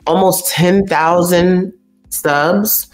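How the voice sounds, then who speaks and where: A woman's voice: fairly low pitch, fairly even intonation, extremely slow, soft background music. A young woman hosting a casual livestream, chatty and effusive, reading and answering comments as she goes and repeating herself for emphasis. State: teary, stuffy nose. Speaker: YouTube host reading live chat.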